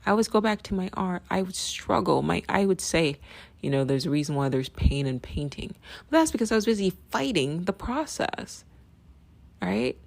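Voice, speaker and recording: A woman's voice: lowish voice, lively intonation, moderate pace, creaky. A woman hosting a podcast who talks bluntly, repeats her points for emphasis and keeps checking in with "right?". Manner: emphatic, repeats phrases, asks "right?" often; blunt, swears freely. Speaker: podcast host. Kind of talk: casual opinion monologue.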